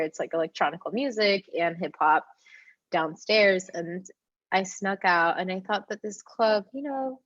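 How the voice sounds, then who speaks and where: A young woman telling the story of her life in casual talk, animated, with a lot of "like", and she acts out the other people. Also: mid-range voice, no echo, highs cut off.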